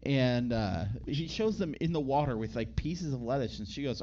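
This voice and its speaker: A man's voice: mid-range voice, expressive, moderate pace, hardly any pauses, darkish tone, highs cut off. A man co-hosting a podcast, recapping a movie in a rambling, casual way and acting out the characters' lines. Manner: rambling, acts out quotes in put-on voices. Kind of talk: casual chat.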